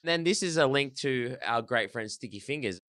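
A man in his thirties tells band stories in a casual, animated rush. He swears freely and often restarts his sentences. The mic sound is dry and close. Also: medium pitch, brisk, no room sound. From Australia. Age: 30s. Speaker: band member, guest. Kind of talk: casual storytelling.

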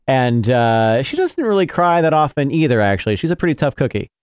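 A man in his thirties co-hosting a casual podcast, cracking jokes and reacting quickly. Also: mid-range voice, big pitch swings, darkish tone, smooth, dry recording, studio quality. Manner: quick joking reactions and banter. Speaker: podcast co-host. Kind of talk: casual chat.

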